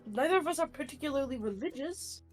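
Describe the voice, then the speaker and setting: High-voiced woman arguing in a tabletop game. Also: animated, quick pace, faint music behind. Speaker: player. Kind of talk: casual tabletop role-play.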